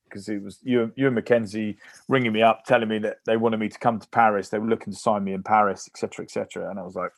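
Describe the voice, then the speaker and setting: A man from England, a former rugby player, telling animated anecdotes in a casual interview, with many fillers and restarts. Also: fairly low pitch, fast, dry recording, clean studio sound.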